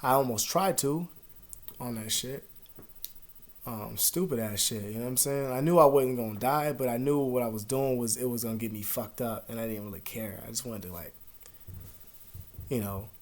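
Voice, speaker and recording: Young male vlogger, casual and profane, mid-pitched voice, rambling, swings from mumbling to loud bursts. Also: moderate pace. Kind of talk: casual confessional talk to camera. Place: at home.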